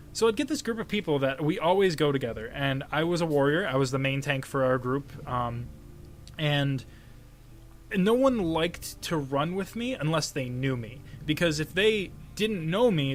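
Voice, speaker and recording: Brief: young male podcast co-host, slightly high voice, lively storyteller who acts out quotes, faint music bed. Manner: animated storyteller, acts out quotes with a raised voice, laughs often. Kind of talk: casual gaming podcast chat.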